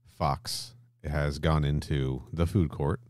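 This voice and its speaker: A man hosting a podcast in casual chat, retelling a story with animated energy, acting out characters' lines and swearing freely. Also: rumbling low, takes it slowly, no echo, studio quality. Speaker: podcast host.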